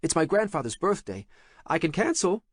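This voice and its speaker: A man's voice: on the high side, very animated, normal speed, dry recording, voice pushed up. A bashful, awkward young man, as a male narrator plays him, stammering and eager to please. His voice leaps up and down wildly, and it is recorded close and dry. The delivery is that of an audiobook character. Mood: flustered eager.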